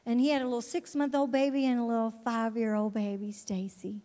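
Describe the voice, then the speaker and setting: A woman's voice: a little high, level tone, a little fast, dark tone. A woman giving a fervent missionary testimony as a sermon, repeating words and restarting her sentences. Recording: long reverb of a large hall.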